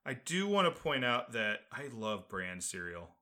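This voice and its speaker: A man's voice: medium pitch, very animated, unhurried, bright, forceful tone. A man co-hosting a podcast, chatting casually about a sitcom episode, giggling and quoting lines in playful voices. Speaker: podcast co-host.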